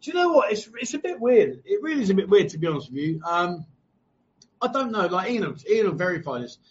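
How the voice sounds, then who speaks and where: A man's voice: high voice, sing-song, brisk. Joking guy on a live stream, teasing his mate, kinda muffled audio. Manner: joking, teasing, swears freely. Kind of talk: casual banter, reading viewer comments.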